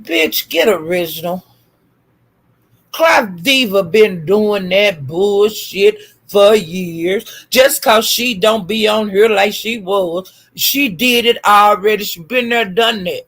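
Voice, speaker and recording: Woman commentator, rough fry-laced voice, nonstop cursing call-out rant. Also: mid-range voice, slow, fairly bright tone. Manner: profane, scolding, repetitive insults. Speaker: YouTube commentator. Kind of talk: ranting commentary.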